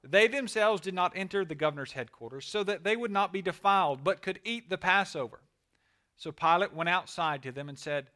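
A man, a pastor, reading scripture aloud and praying in an earnest, measured way. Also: sits high, pushed and bright.

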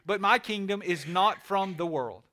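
Man reading a composed accused teacher, measured, clear-toned and slightly high. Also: pushed and bright. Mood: calm. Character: calm male teacher on trial.

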